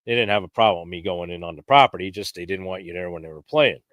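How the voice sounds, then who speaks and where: A man's voice: fast, no room sound. Man telling a story in a dry room. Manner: lively storyteller, jumps pitch when acting out quotes. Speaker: podcast guest. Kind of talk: casual hunting story.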